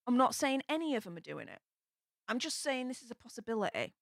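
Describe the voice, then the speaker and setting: A woman's voice: a little high, sing-song, moderate pace, a bit bright, no echo, studio quality. A young woman with a Yorkshire accent hosting a casual live stream, chatting and reading viewer comments aloud with plenty of ums. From England.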